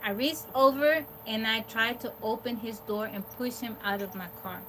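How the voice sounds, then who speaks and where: A woman's voice: a little high, normal speed. A woman hosting a livestream, casually telling a personal story in a rambling, candid way and quoting what people said. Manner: candid, rambling, quotes herself and others. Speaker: livestream host. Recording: noisy background.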